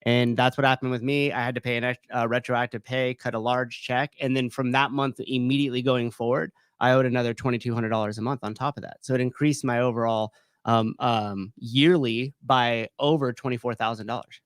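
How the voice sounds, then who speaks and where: A man's voice: mid-range voice, steady tone, a little fast, no room sound, clean studio sound. A man talking in a casual podcast chat in a matter-of-fact way.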